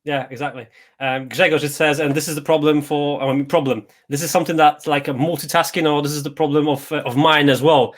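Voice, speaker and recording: A man's voice: a little high, fast talker. Hesitant man hosting a live stream. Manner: hesitant, restarts phrases, relaxed. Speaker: host. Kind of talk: casual live-stream chat.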